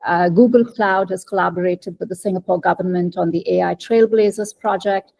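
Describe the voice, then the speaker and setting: A woman moderating an online panel, her voice carrying a gravelly fry. She asks probing, conversational questions at a middle pitch. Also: low-quality recording. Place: virtual roundtable, video call.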